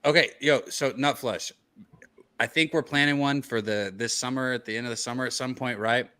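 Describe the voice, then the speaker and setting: A man on a sports gambling stream with a bright, forceful voice. He jokes around and rambles, tripping over his words as he goes. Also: mid-range voice, fairly even intonation, fairly quick, smooth, dry recording. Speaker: podcast co-host. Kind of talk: casual sports chat.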